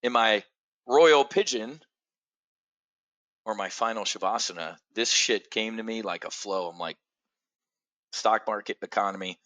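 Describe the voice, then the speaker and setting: A man's voice: on the low side, measured pace, pauses often, pushed and bright. A middle-aged man hosting a live trading show, giving blunt, profane market commentary and answering viewers by name. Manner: addresses viewers directly by name.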